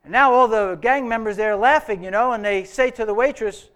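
Pastor, male, high and smooth voice; relaxed, unhurried sermon delivery with homespun storytelling. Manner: relaxed storytelling with an old joke, speaking to a live congregation.

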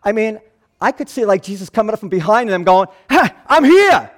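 A man pastor preaching a sermon, telling the story in an animated way that swings between loud and hushed. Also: sits high, fast talker.

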